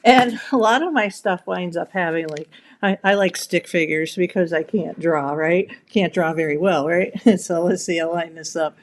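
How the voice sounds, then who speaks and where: A woman's voice: lowish voice, normal speed, slight background noise. Chatty middle-aged woman on a live stream. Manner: chatty, rambling, with frequent laughs and restarts. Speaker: content creator. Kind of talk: casual live video talk. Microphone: camera mic.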